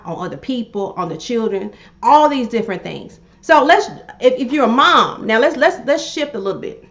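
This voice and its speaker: A woman talking casually on a livestream, an animated life coach who repeats phrases and calls on her viewers directly. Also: mid-range voice. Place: home room she calls her pink cave. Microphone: livestream setup. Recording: slightly dull livestream audio.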